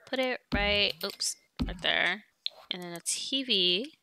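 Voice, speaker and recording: This let's play streamer is a young woman who talks her viewers through a life-sim game in a relaxed way and bosses her characters around as she goes. She has a mid-range voice and takes her time. The recording has a noisy background.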